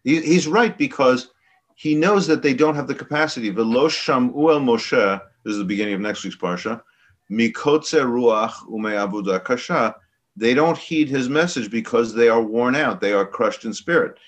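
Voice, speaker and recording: A man's voice: mid-range voice, lively intonation, normal speed. Earnest man discussing scripture. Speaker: Torah study discussant.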